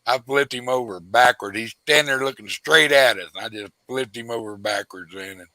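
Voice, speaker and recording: A man spins a rambling hunting tale, stumbling over restarts as he goes. His voice is bright and forward, recorded dry and close. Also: mid-range voice, brisk, no echo, poor audio. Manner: rambling storyteller with frequent restarts, acts out quoted voices. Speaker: host. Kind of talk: casual hunting story chat.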